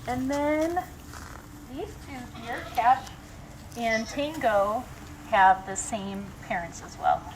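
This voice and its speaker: A woman's voice: a little high, takes it slowly, slight background noise, low-quality recording. A woman zookeeper giving a friendly live talk outdoors at an animal exhibit, explaining with frequent ums.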